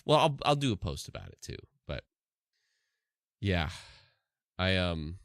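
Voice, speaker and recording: Brief: sleepy man streaming in the morning, lowish voice, close and dry. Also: very animated, a little slow, no echo. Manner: rambling, restarts a lot. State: tired from no sleep. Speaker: live streamer. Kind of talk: casual live-stream chat.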